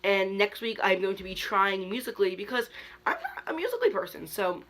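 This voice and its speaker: Bright-voiced young man telling stories. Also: high-pitched, fairly quick. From Kentucky. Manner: animated storytelling, many "like" fillers, dramatic quoted reactions. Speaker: YouTube host. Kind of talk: story time vlog.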